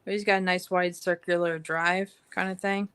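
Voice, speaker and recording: Lower-voiced woman telling a story. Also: level tone, fairly bright tone, clean tone. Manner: giggly, storytelling, quick asides. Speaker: fellow artist in a collaboration stream. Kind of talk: casual chat.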